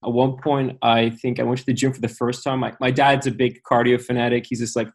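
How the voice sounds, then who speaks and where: A man's voice: medium pitch, flat delivery, brisk. A young man with a slight, mixed international English accent, chatting upbeat and easy as an interview guest. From born in Amsterdam, raised abroad. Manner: upbeat, chatty, laughs easily. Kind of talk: casual interview chat.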